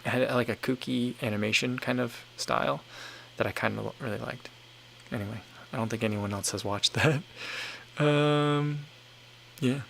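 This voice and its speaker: A man's voice: medium pitch, steady tone, moderate pace, vocal fry, long pauses, a little hiss or hum. A man in his thirties hosting a casual livestream, reading viewer comments aloud and musing in a loose, rambling way full of "like" and "um". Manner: rambling and easygoing, leans on "like" and "um". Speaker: livestream host.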